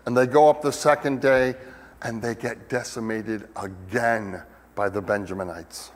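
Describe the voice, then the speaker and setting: A man's voice: lowish voice, fairly even intonation, measured pace. A man preaching a sermon in a conversational way, with many fillers and sudden emphatic peaks. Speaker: pastor. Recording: long hall reverb.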